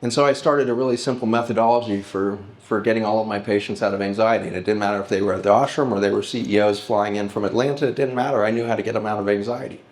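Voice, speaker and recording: A middle-aged man speaking to a live audience at a festival, telling stories and slowing down to act out heartfelt pleas. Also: fairly low pitch, steady tone. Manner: storytelling, slows and lifts his voice to act out pleas.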